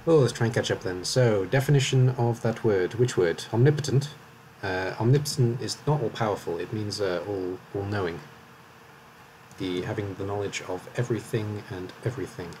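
A man's voice: fairly low pitch, normal speed, a little mellow, a little hiss or hum, low-quality recording. A man from Wales with a slight Welsh accent, commentating live on his game in a chatty, rambling way and often correcting himself. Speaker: streamer.

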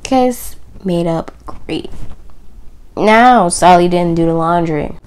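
Slow, emphatic woman dropping to near whispers. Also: fairly low pitch, a little mellow, a little hiss or hum. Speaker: video host. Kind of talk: personal faith talk to camera.

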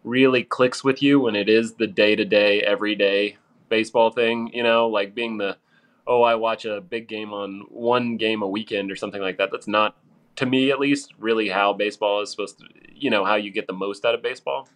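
A thirtysomething man from Arkansas, with a faint mid-Atlantic accent, chats casually as a podcast guest and rambles through asides packed with "you know" and "like." His voice sits lowish and fairly bright, with fairly even intonation and a fairly quick pace.

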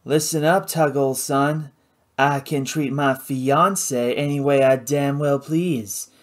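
A reader voicing an arrogant, well-dressed Creole man in his forties who speaks with smooth, mocking disdain. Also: medium pitch, steady tone, slow pace, close to an everyday voice. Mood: contemptuous.

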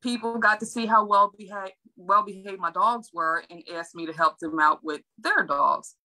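Bright-voiced woman, chatty and friendly. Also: medium pitch, normal speed, low-quality recording. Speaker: dog trainer and groomer, guest. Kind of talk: casual interview chat.

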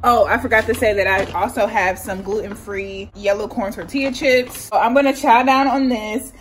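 A young woman at mid pitch chats her way through a home cooking vlog. She is slangy and speaks straight to her viewers. A faint sizzle of frying runs behind her voice. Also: steady tone, normal speed, slight background noise, rough recording. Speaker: vlogger and athlete. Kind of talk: casual cooking vlog narration. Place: home kitchen.

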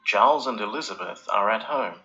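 A man narrating a storybook in an even, measured way. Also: lowish voice, dull audio, soft background music.

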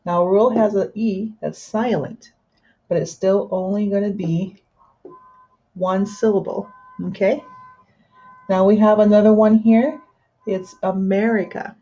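Woman teaching syllables, husky and muffled. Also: medium pitch, mellow. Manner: addresses an imagined class, pauses for answers, many fillers. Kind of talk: classroom-style pronunciation lesson. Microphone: screen recorder with built-in microphone. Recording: dull lo-fi screen recording.

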